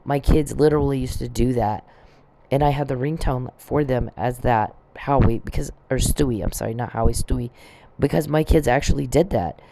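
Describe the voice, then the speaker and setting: A woman's voice: a bass voice, moderate pace, creaky, warm tone, a little hiss or hum. A middle-aged woman in a casual monologue, agitated, swearing and rambling as she vents. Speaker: vlogger.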